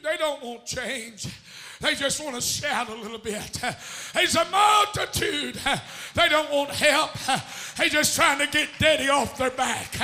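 A man preaching a chanted sermon with a rhythmic, shouted delivery and gasped breaths between phrases. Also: extremely high pitch, creaky.

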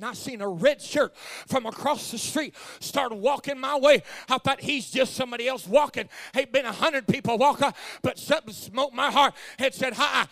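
A preacher with a high, gravelly voice that has a bright, sharp edge. He tells stories in a hushed voice, stumbling over the first words of his phrases, then climbs into shouted, fiery preaching. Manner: builds from quiet storytelling to shouted preaching; repeats words when starting phrases. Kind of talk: sermon.

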